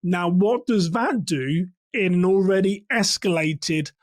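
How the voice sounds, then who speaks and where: Male security trainer from England, high-ish voice, dry close sound, measured teaching delivery. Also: dry recording. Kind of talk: commentary on a case.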